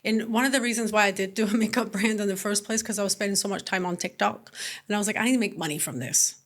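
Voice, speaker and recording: A young woman from Scotland, now sounding mostly American, tells stories animatedly as a guest entrepreneur in a casual interview. Her mid-range voice moves fast, and she leans on "like" as a filler a lot.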